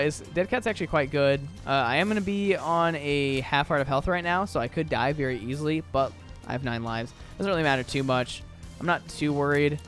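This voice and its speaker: A man's voice: on the high side, fairly bright tone. A young American man chatting casually through a let's-play, rambling with lots of "like" and "um". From southern United States. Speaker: gaming YouTuber.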